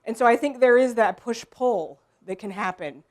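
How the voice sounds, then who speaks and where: A woman's voice: fairly high pitch, moderate pace. Woman leading an improv workshop. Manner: relaxed, explaining with many ums. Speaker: workshop leader. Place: room with a group.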